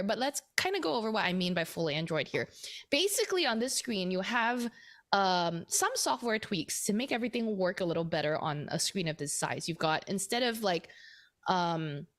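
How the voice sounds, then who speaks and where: A woman hosting a tech podcast, talking casually and animatedly with lots of fillers and quick laughs. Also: medium pitch, fairly bright tone. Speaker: podcast host.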